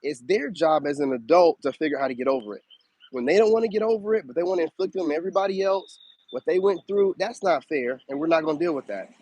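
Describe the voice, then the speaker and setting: Casting: animated male streamer, preachy, highish voice, close dry mic. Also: fast, no room sound, poor audio. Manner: animated, preachy, swoops up high for emphasis. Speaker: spiritual advice streamer. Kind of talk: casual live-stream monologue.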